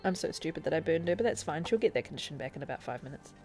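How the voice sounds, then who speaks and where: A woman's voice: sits low, animated, racing, darkish tone, soft background music. A woman streaming a video game live, chattily explaining the controls and thinking aloud as she plays. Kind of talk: casual live-stream gameplay tutorial.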